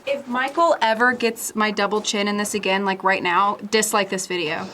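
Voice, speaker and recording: A woman's voice: medium pitch, fairly even intonation, moderate pace, bright, forceful tone. A woman exploring a cave with friends, joking and easily spooked. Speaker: fellow explorer. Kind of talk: casual chat. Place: inside a cave. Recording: distant voice with background noise.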